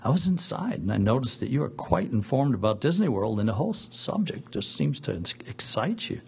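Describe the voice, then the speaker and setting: A man voicing a kindly wealthy gentleman in a gentle, inviting manner within a sermon illustration. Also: mid-range voice, sing-song, brisk, creaky, slightly rough, full character voice.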